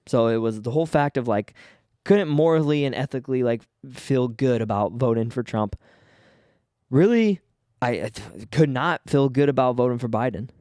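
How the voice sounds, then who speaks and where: A man alone at the mic on his podcast, fired up and cursing as he trips over his own restarts. His voice sits at an ordinary middle pitch. The sound is dry and close, with no room around it. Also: darkish tone, no room sound. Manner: fired-up, swearing, stumbling restarts. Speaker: podcast host. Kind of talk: casual solo podcast rant.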